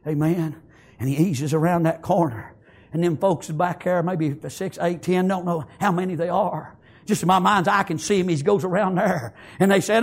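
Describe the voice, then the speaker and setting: A male preacher delivering a fervent sermon, swinging from hushed tones to shouts and peppering his lines with amens. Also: high voice, fairly quick, vocal fry.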